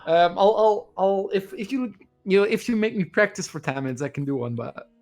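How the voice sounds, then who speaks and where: A man's voice: high-pitched, animated, brisk. A man co-hosting a casual stream, eager and stumbling over his words. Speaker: co-host. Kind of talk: casual chat.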